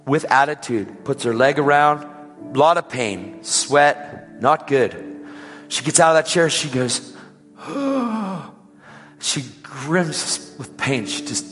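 A man preaching, telling a healing testimony as a lively story, acting out the people in it and repeating his praise with emphasis. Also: mid-range voice, slow, in a large hall, soft background music. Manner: dramatic retelling that acts out the quoted voices.

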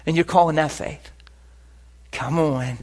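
A man preaching a sermon, animated and full of stories, moving between loud exclamations and quiet, hushed asides. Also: a little high, measured pace.

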